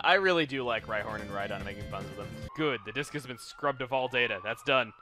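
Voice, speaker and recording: A young man commentating a video game playthrough, cracking puns, mocking himself and bursting into excited shouts. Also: medium pitch, a little fast, few pauses, soft background music. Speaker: let's play commentator.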